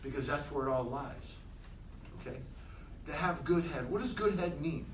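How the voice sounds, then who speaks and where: A man giving an animated motivational talk to a room of people, asking them many questions. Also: on the high side, moderate pace, roomy sound, distant mic, a little hiss or hum, low-quality recording. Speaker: motivational speaker.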